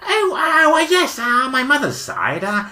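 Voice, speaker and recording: Woman putting on a nervous stammery bloke on a bike, all sorry and polite, bright voice. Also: high voice, huge pitch swings, a little slow, slight background noise, pitched above the performer's own voice, exaggerated voice. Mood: flustered. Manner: stammering, apologetic. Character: flustered, polite man out cycling.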